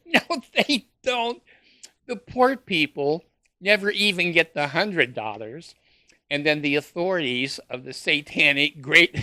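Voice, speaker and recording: A man's voice: on the high side, sharp tone, no echo, clean studio sound. A man ranting in a sarcastic monologue, mocking with short laughs and stumbling over fillers. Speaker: former church member ranting to camera.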